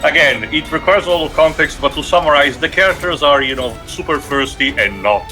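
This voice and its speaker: Bright-voiced man rambling in casual chat. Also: a little high, brisk, faint music behind. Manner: rambling with many fillers and restarts. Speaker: podcast co-host.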